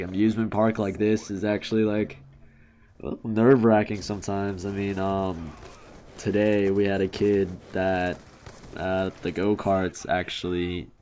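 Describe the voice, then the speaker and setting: A young commentary YouTuber tells stories in a loose, rambling way, full of fillers and restarts. His voice sits fairly low and sounds a little mellow, with faint background noise in the recording.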